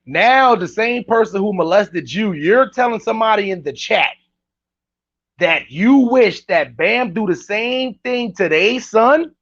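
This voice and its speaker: A man hosting casual reaction commentary, animated and incredulous, talking straight to his chat. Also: high voice, unhurried, vocal fry, dry recording, lo-fi sound. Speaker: commentary host reacting to clips.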